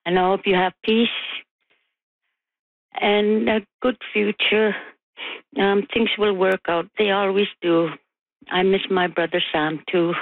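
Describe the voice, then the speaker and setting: A woman's voice: medium pitch, fairly even intonation, gravelly, dry recording. An older woman calling in to a radio show, sending rambling, affectionate greetings to family and friends. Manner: rambling and affectionate, many pauses. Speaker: caller. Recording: tinny phone line.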